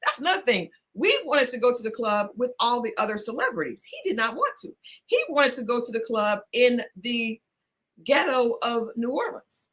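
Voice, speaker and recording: Woman cohost spilling a story, bright voice, laughs a lot, keeps restarting. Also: fairly high pitch, normal speed. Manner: animated, laughing, with many restarts. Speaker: podcast co-host. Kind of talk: casual storytelling chat.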